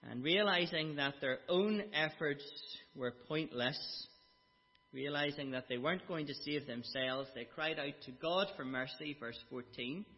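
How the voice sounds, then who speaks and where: A man's voice: fairly high pitch, a little slow. A man preaching a sermon, explaining a Bible passage with emphatic, dramatic quotes. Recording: dull sound with long hall reverb.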